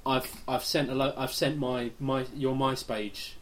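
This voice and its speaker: A man from England co-hosting a comedy podcast, firing quick teasing retorts and mock outrage. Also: medium pitch, steady tone. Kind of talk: comic banter.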